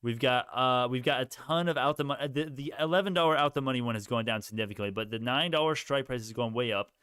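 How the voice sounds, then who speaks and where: Male stock streamer, clear smooth voice, dry close sound, loose and rambling. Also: mid-range voice, fast talker, a bit bright, no room sound. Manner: rambling, casual, thinking aloud. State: sleepy, yawning. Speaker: stock livestream host. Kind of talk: live stream chat answering viewers.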